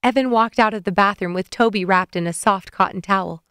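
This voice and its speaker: A woman narrating a romance audiobook in a calm, even storytelling voice, recorded close on a studio mic. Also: medium pitch, a little fast, clear, resonant tone, no echo.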